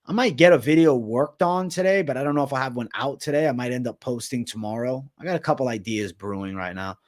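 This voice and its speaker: A young man running a casual MMA livestream Q&A, with a voice at an everyday mid male pitch. He swears often and drops slang like bro and dog, and he answers chat in a loose, offhand way. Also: animated, fast. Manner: profane, slangy, calls viewers bro.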